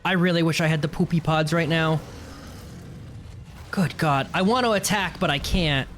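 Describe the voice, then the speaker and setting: A woman streaming gameplay with live commentary, swearing and yelling at the monsters on screen, swinging from low mutters to shrieks. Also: normal speed, slight background noise. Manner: swears a lot, yells at monsters.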